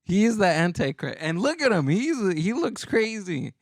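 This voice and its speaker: A man's voice: high-pitched, big pitch swings, measured pace, no echo, studio quality. A man co-hosting a comedy podcast, chatting casually and rambling with many restarts and trailing-off sentences. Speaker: podcast co-host.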